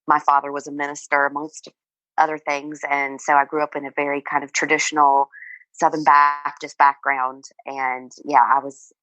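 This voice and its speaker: A middle-aged woman guest with a notably low voice speaks in a dry, close recording. She talks casually and haltingly, with many fillers and restarts, and she laughs often. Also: little pitch movement, sharp tone, dry recording, dull audio. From Virginia, United States. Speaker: guest author. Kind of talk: casual interview chat.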